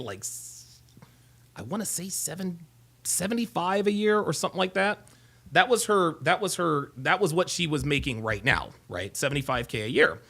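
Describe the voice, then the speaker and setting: A man's voice: a little high, fairly bright tone. A middle-aged man hosting a show, telling a long story in a casual rambling way, repeating himself and restarting his sentences. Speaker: host.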